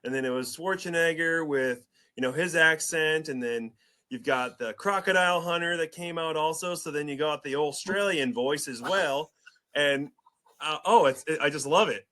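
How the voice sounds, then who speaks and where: Excitable male sports podcast host. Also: a little high, normal speed. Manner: excitable, hype-building, rambling. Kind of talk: casual sports podcast chat.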